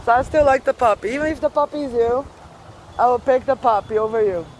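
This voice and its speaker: A woman's voice: on the high side, quick pace, a little mellow, slight background noise. A woman vlogging in a casual, rambling monologue, profane and offhand, laughing often as she talks outdoors on a street.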